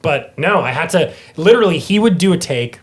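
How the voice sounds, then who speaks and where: Animated man telling a story. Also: on the high side, brisk. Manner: animated, swears often, acts out quoted dialogue. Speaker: guest actor. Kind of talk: casual storytelling chat.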